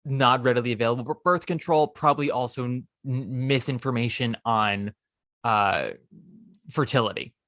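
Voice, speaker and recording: A man hosting a podcast, casually recounting a musical's plot with lively asides. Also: medium pitch, normal speed, no room sound, studio quality. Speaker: podcast host. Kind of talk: casual chat.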